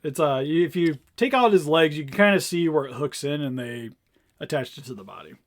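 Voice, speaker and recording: Lively high-voiced man reviewing toys. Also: brisk. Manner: enthusiastic, rambling with fillers and laughs. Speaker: co-host reviewing toy figures. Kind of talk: casual review chat.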